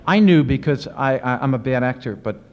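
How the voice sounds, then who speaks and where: A man, an author and professor, answering audience questions in lively storytelling with many restarts and fillers. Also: medium pitch, moderate pace, in a large hall, slight background noise. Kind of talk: casual spoken Q&A. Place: university lecture event. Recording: muffled 1970s archive recording.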